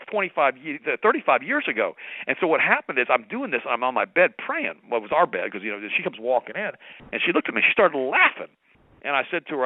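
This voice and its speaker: A man's voice: medium pitch, no room sound. A man in his late fifties, a radio show guest on the telephone, telling a long personal story in a rambling, candid way with many restarts and asides. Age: 50s. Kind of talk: casual phone chat, long storytelling. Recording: dry tinny phone line.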